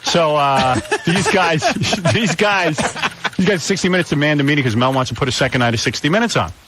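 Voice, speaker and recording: Fast-talking radio host, lively voice. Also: male voice, on the high side, a crowd in the background. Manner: animated, fast, joking. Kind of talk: casual studio banter.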